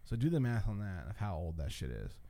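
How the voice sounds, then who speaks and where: Casting: man, mellow dark voice, animated profane storyteller among friends. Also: fairly low pitch, a little fast. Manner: animated, profane, acts out quotes. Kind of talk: casual storytelling.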